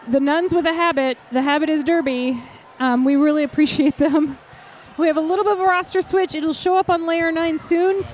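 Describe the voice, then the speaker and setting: A woman announcing roller derby live, excitable and gushing. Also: high voice, slight background noise. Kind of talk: live sports commentary.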